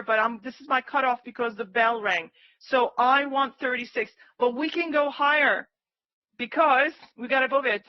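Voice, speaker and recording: A woman whose voice sits high hosts a live day-trading stream, eagerly calling price targets and cheering the market on in a pleading, excitable way. No echo is present, and the highs are cut off.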